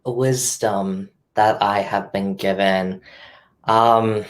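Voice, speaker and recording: A young woman speaking as a guest on a live panel. She talks thoughtfully and hesitantly, pausing with many ums. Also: very deep voice, steady tone. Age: young adult.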